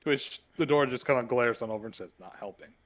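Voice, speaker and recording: A man's voice: mid-range voice, fast talker. A man running a tabletop game as game master, narrating loosely with lots of fillers.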